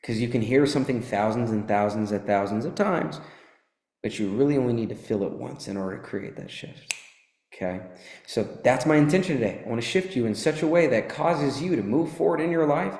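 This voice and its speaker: A man giving a casual, animated motivational talk to an audience, swearing and joking as he tells a fable. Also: mid-range voice. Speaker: motivational teacher. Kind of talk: live motivational talk with storytelling. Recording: echoey hall.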